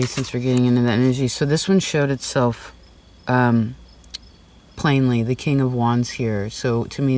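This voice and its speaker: A man giving a casual tarot reading, talking in a rambling, chatty way full of "like" and "right?". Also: mid-range voice. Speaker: tarot reader. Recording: slightly distant mic.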